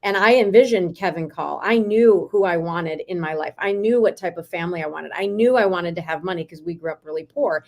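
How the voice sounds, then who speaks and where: A woman in her forties, a real estate team leader, telling lively stories as an interview guest. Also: fairly low pitch, a little fast, hardly any pauses. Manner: lively, animated anecdotes. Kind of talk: storytelling in a video interview.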